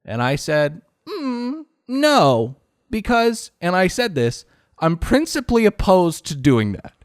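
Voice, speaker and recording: A man's voice: sits high, very animated, slow, dry recording, studio quality. A man co-hosting a podcast, telling a story in a casual, exasperated way and swearing freely. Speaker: podcast co-host.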